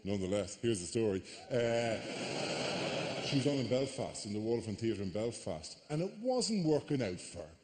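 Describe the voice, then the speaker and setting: Irish comedian in a reverberant theatre. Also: male voice, on the low side, moderate pace, very noisy. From Ireland. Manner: animated storytelling with mock outrage. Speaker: stand-up comedian. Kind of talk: live stand-up routine. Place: large theatre stage. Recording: live theatre with long reverb.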